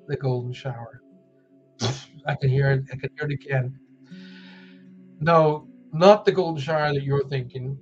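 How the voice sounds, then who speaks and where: A man's voice: medium pitch, a little mellow, muffled recording. An Irish man hosting a live wellbeing show, talking casually and joking as he reads out viewer comments. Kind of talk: casual live-stream talk.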